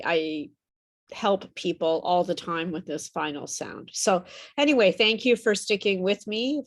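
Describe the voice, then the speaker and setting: A woman teaching an online English pronunciation class over a video call, slow and patient, her voice a little worn as she says she is losing it. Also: fairly low pitch. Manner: patient, repeats and models words slowly.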